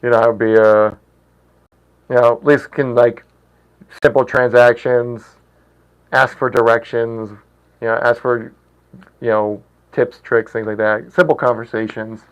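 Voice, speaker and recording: Livestream host, man, 30s, mid-pitched, chatty and giggly, halting over foreign phrases. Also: little pitch movement, clean tone, lo-fi sound. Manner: chatty, laughs often, halting attempts at foreign words. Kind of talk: casual livestream chat.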